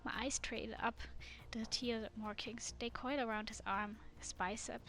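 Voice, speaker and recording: Bright-voiced woman streamer reading aloud. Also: fairly high pitch, steady tone, a little slow. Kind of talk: reading a dating game aloud.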